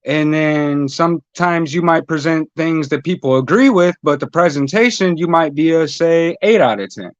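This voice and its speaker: A man speaking hesitantly and haltingly in an online panel chat. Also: a little high, lively intonation, no room sound, highs cut off.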